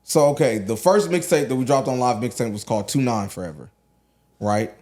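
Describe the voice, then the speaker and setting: A rapper in his thirties from Atlanta tells stories as a guest in a relaxed, casual podcast chat, his talk full of "like" and "you know what I'm saying." His voice is medium-pitched and brisk.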